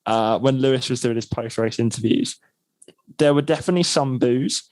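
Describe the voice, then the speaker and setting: A man co-hosting a racing podcast, speaking in a measured, thoughtful way during casual chat. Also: medium pitch, darkish tone, no echo. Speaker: podcast co-host.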